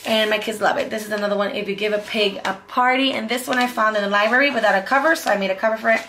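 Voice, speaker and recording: A woman's voice: medium pitch, racing, bright, forceful tone, slight background noise. A woman vlogging as a homeschool mom, chatting casually and cheerfully about favorite picture books. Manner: chatty and upbeat, repeats "super cute". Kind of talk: casual book review vlog.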